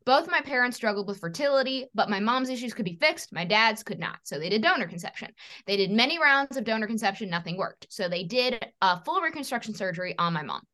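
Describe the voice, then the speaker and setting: A woman's voice: fairly high pitch, animated, fast, sharp tone. A woman in her thirties, a stand-up comedian, telling her own story casually in an interview, acting out the people in it and swearing freely.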